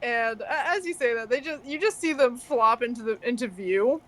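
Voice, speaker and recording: A woman's voice: fairly high pitch, expressive, moderate pace, fairly bright tone. A woman narrating as game master of a tabletop game, in a bubbly, giggly manner.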